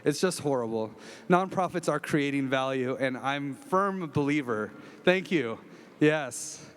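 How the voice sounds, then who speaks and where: A man's voice: mid-range voice, animated, unhurried, clean tone. A man introducing himself as a judge on a stage, talking in an emphatic, blunt way. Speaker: judge on a panel. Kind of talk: panel self-introduction. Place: large conference hall stage. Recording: reverberant large hall.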